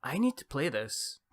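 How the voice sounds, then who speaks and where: A man's voice: medium pitch, heavy background noise. A man voicing an eager young Canadian game fan in a put-on Canadian accent, laughing as he jokes. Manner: laughing through a jokey impression.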